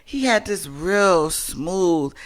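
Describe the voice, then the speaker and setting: A woman's voice: on the low side, lively intonation, drawn-out words. A woman co-hosting a podcast, bluntly and profanely retelling a dating story and acting out both sides of each exchange. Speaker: podcast co-host. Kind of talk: casual storytelling chat.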